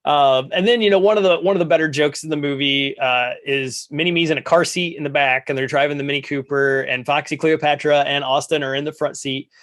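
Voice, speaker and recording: A podcast co-host with a fairly high male voice, talking through a film's story in loose, casual chat. He tells it with energy and jumps even higher when he acts out the characters' lines. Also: fairly quick, few pauses. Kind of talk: casual movie recap chat.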